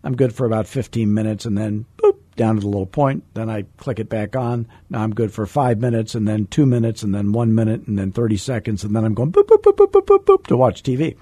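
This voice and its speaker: Middle-aged male sales coach, husky and warm, animated storyteller who adds sound effects, dry close sound. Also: lowish voice, fairly quick, hardly any pauses, dry recording. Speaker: real estate sales coach. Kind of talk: storytelling teaching talk.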